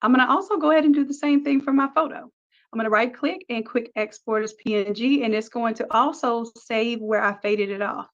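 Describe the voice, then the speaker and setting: A woman teaching a design software tutorial, upbeat, talking through each click step by step. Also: a little high, fairly quick, lo-fi sound. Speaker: design instructor. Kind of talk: screen-recorded software tutorial.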